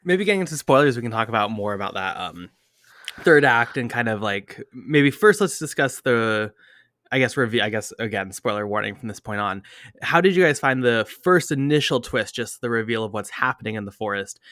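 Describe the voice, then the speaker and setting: A man's voice: medium pitch, lively intonation, fairly quick, a bit bright, dry recording, clean studio sound. A man hosting a casual film podcast, steering the talk and asking the others questions. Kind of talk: casual film review chat.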